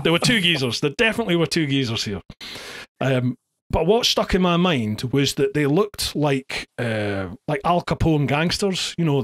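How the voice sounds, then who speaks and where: A middle-aged man, a podcast host telling a story in casual chat, lively and acting out the shouts he quotes. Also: on the high side. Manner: animated, acts out shouted quotes, many restarts.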